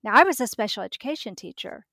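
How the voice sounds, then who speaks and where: Middle-aged woman, podcast guest, lively storyteller who plays out conversations, slightly high voice. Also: fast, no echo, clean studio sound. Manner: vivid storytelling, acting out dialogue.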